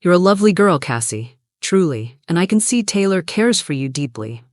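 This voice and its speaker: A storyteller voicing a poised wealthy mother who speaks smoothly and coolly, in a dry recording. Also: mid-range voice, big pitch swings, dry recording, lightly acted. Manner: smooth, measured. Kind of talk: storybook narration.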